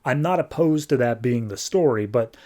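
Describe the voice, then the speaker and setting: Chatty podcast host, medium pitch, casual comic recap. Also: male voice, animated, normal speed, mellow. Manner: chatty, conversational.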